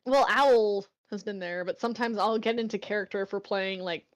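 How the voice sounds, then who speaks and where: A woman's voice: medium pitch, brisk. A woman reading on a stream, chatting casually and laughing often in a playful way. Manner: giggly, playful. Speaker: stream reader. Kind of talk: casual chat.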